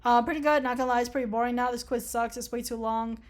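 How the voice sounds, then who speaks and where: Reading an online quiz aloud for her vlog, a young woman keeps up casual, sarcastic commentary with plenty of swearing and laughter. She's a fast talker, her voice a little high with fairly even intonation.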